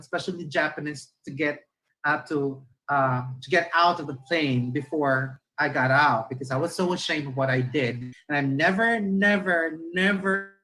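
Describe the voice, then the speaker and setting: A man's voice: a little high, fairly bright tone, low-quality recording. A Filipino man with a Filipino accent, giving a chatty, conversational talk to teachers and slipping Filipino words into his English. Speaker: teacher trainer.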